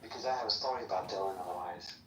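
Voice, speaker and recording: A man's voice: lowish voice, racing, fairly bright tone. A man hosting a casual chat, blunt and brusque with his guests. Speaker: host. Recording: echoey room, faint noise, far from mic.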